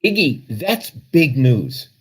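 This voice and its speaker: A man's voice: on the high side, big pitch swings, takes it slowly, husky. A man co-hosting a casual sports talk show, conversational and reacting briefly. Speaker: co-host.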